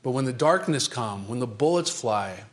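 A man preaching from the pulpit in a dramatic, emphatic style, building through repeated phrases. His delivery swings between driving, quickened bursts and slow, weighty stretches. He addresses the congregation with pointed rhetorical questions. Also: medium pitch, lively intonation. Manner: dramatic, emphatic delivery with repetition and sudden shifts in pace and loudness. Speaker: pastor. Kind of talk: sermon.

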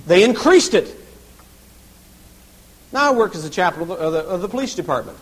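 Middle-aged male pastor, husky tone, sermon delivery that leaps from loud to soft. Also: high-pitched, lively intonation, fast talker, rough recording. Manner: dramatic swings from shouting to whispering. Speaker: pastor and police chaplain.

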